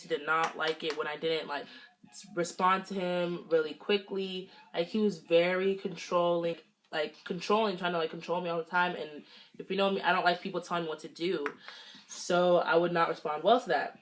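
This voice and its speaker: A young woman from the Los Angeles area tells a story while she does her makeup. Her voice sits a little low, and her manner is chatty and animated. She switches into voices for the people she quotes. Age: young adult. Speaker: beauty vlogger.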